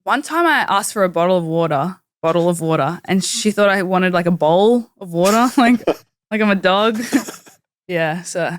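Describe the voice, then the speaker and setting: A young woman with an Australian accent talks casually in an interview, her sentences full of "like" fillers. Her voice sits a little low. The sound is dry and close, with no room echo. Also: animated, normal speed. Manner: chatty, uses many "like" fillers. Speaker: professional wrestler, guest. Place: studio.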